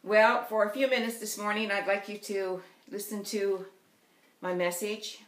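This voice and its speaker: A woman's voice: mid-range voice, little pitch movement, measured pace. A woman with a Newfoundland accent, delivering an earnest sermon as a lay preacher and telling a story to the congregation. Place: church. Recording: roomy church echo.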